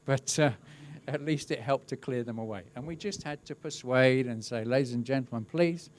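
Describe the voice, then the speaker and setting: A middle-aged man, a crowd safety specialist, giving a webinar talk with relaxed, wry storytelling. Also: medium pitch, moderate pace. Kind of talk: webinar presentation, telling an anecdote.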